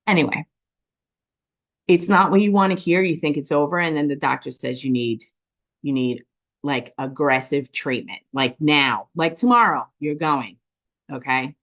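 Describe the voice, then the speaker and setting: Passionate woman telling her story, fast. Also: deep voice. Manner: fast, passionate, keeps checking in with "okay?"; animated storytelling with quoted dialogue. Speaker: business testimony speaker. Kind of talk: personal testimony talk.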